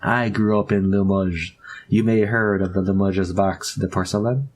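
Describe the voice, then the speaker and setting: A man's voice: sits low, moderate pace, a little mellow, slightly rough. A man voicing a kindly young French maid in a put-on French accent. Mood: gentle.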